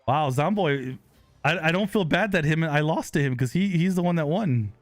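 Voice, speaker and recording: A man streaming a live online game, chatting with viewers, excitable with sudden loud exclamations and quick apologetic laughs, on a close desk microphone. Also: a little high, dry recording, soft background music. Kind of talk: live gaming stream chat.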